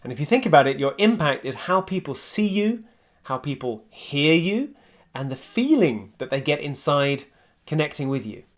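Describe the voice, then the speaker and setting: A man presenting a coaching video on virtual communication in a measured, emphatic way, recorded in a home office. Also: a little high, sing-song. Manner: measured, emphatic delivery with deliberate pauses. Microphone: switching between laptop, webcam and USB condenser mics.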